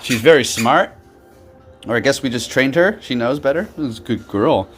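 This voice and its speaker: A man's voice: animated, moderate pace, faint music behind. A man filming a moose from his home in a casual vlog, chatting and sometimes talking to his dog. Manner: chatty, talks to his dog in a high playful voice. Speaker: vlogger.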